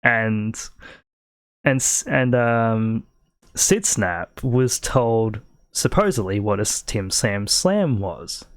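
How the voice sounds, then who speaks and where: A man's voice: on the low side, animated, takes it slowly, no room sound, clean studio sound. A man with an Australian accent hosting a casual podcast, telling rambling stories and laughing often. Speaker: podcast host.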